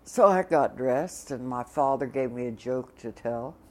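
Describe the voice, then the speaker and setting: A woman's voice: extremely low pitch, a little slow, darkish tone. A woman telling a story about herself and acting out the other people's lines. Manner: acts out the other voices in her tale. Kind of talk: anecdotal storytelling.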